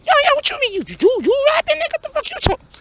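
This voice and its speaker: A man voicing a loud, scornful male street hustler in a comedy skit, brash and yelling. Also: very high-pitched, big pitch swings, fast, full character voice. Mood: scornful, angry. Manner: brash, yelling, swearing constantly. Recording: dull lo-fi, faint hum.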